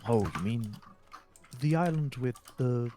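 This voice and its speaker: A man voicing a warm, kindly older woman barkeep who calls everyone dear and darling. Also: medium pitch, measured pace, noisy background, close to an everyday voice. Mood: sweet. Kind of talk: tabletop role-play voice acting.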